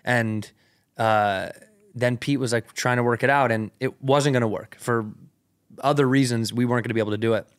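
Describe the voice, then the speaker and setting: A man's voice: medium pitch, fairly even intonation, moderate pace. A man, a comedian guest on a podcast, telling a long story in casual, slang-heavy, swearing chat into a studio mic. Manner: loose and slangy, peppered with "like" and "rad", swears freely.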